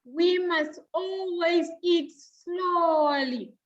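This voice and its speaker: A woman teacher giving an online class over a video call, slowly repeating each point for young pupils. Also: very high voice, muffled recording, a little hiss or hum.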